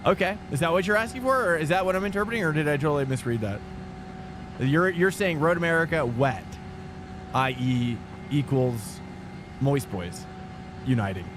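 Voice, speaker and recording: A fairly high-pitched man chats and rambles to viewers at a moderate pace during a sim racing stream. Music plays underneath, along with some background noise.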